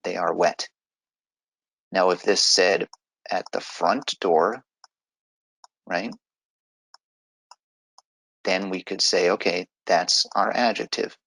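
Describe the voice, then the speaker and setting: Low gravelly man teaching grammar. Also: fairly even intonation, slow, long pauses, a bit bright, no room sound, low-quality recording. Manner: patient, explains step by step. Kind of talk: online grammar lesson.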